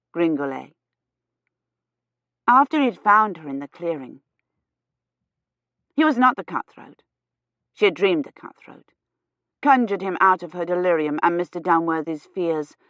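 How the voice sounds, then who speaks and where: A woman narrating an audiobook in a measured, unhurried reading. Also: fairly low pitch, a bit bright, no echo. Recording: slightly dull, dry audio.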